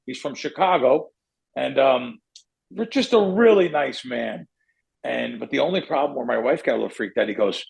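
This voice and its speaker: A middle-aged man with a gravelly, fairly high voice spins a long story as a podcast host. He rambles, stops himself and restarts, and gets animated as he talks. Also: moderate pace, rough recording. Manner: rambling, self-correcting, animated. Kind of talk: casual storytelling.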